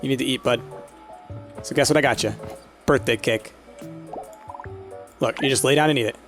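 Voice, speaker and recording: A man's voice: mid-range voice, normal speed, gravelly, a bit bright, faint music behind. A man casually commenting on a game while streaming, chatty, laughing often and talking to the pets on screen.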